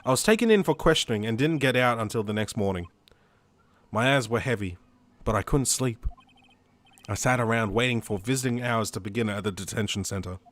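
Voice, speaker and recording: A man voicing a young male defense lawyer's inner thoughts and narration from a game, low and muttered. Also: brisk, fairly bright tone, close to an everyday voice. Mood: wary. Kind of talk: reading game narration aloud.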